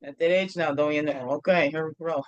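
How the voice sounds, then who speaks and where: A woman's voice: sits low, steady tone, a little fast, no room sound, lo-fi sound. A middle-aged woman hosting a casual morning video chat from home, playful and rambling, with sing-song bits. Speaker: host.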